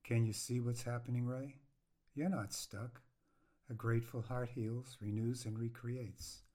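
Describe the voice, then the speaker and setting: A man voicing a blunt but caring woman friend, speaking sternly yet gently as he reads his memoir aloud. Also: mid-range voice, steady tone, unhurried, close to an everyday voice. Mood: counseling.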